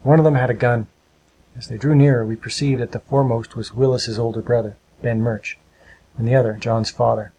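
A man narrating a storybook with a steady, measured reading. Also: mid-range voice, a little hiss or hum, poor audio.

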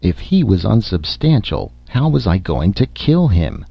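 Deep-voiced man reading a story aloud. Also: very animated, unhurried, gravelly, husky, no room sound, dull audio. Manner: dramatic, theatrical delivery. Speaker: narrator. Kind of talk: audiobook reading.

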